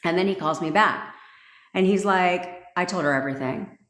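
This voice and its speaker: Lowish woman livestreaming, brash and sweary, rattling off a story, echoey room. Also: fairly bright tone. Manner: brash, profane, fast storytelling. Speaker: manifestation coach.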